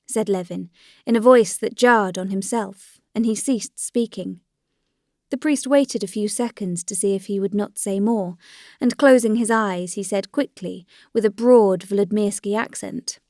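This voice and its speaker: A woman with a mid-range voice narrates a classic novel for an audiobook, reading a script in a calm, even storyteller's manner. The studio-quality recording has no echo.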